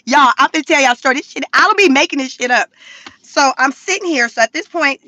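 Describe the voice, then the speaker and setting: Bright high-voiced woman telling stories. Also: fairly quick, dry recording. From California, US. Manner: animated, laughs often, swears freely. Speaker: vlogger. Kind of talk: casual storytelling to viewers.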